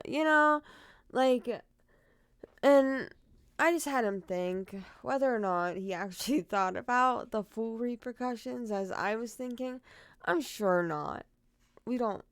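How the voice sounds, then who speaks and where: A woman's voice: mid-range voice, clean tone, no room sound. A young woman retelling a true crime case, emotional and outspoken, swearing freely as she reacts.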